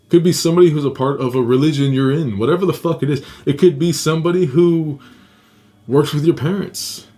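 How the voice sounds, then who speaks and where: Profane man telling a story casually. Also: fairly quick. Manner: profane, animated, laughs often, acts out quotes in high voices. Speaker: podcast host.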